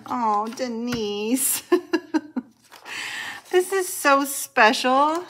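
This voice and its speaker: A middle-aged woman with a raspy voice, gushing and laughing as she unboxes mail for her budgeting channel. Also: high voice, extremely slow, pauses often. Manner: gushing and excitable, laughs often. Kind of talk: casual unboxing chat to camera.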